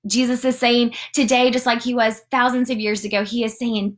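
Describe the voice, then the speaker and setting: A woman giving a casual morning devotional, chatty and animated, often saying "like" as she reads and talks. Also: on the high side, moderate pace. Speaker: church devotional leader.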